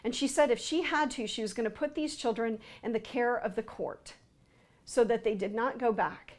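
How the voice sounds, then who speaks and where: A woman recounting a personal account in an interview, speaking haltingly with frequent fillers and restarts. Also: fairly high pitch.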